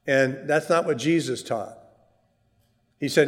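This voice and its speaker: Pastor guy preaching, earnest, goes loud then quiet, long hall echo on it. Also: mid-range voice, takes it slowly, long pauses. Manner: earnest preaching, rises for emphasis, drops to asides. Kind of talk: sermon.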